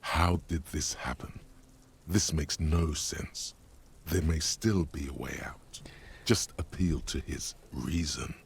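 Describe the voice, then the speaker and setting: A cavernously deep, gravelly voice narrates from inside the head, grim and deadpan. The tone stays level and dry throughout the video game scenes. A faint hiss sits underneath. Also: male voice, slow, heavily acted.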